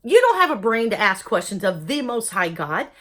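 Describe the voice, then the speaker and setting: A woman telling a personal story in a lively, joking way, acting out voices as she goes. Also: mid-range voice, a little fast. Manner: lively, jokey, acts out voices in quotes. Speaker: vlogger telling her own story.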